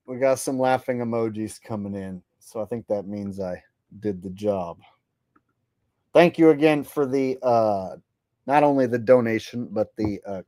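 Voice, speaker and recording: A man's voice: medium pitch, a little mellow, no room sound. Male stream host, casual and crude, dry voice. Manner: crude, joking, laughs often. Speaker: livestream host. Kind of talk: casual commentary.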